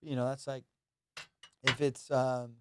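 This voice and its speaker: A young man hosting a solo comedy podcast, rambling loosely and joking while high on cannabis. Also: level tone, slow pace, noisy background. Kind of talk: casual solo podcast chat.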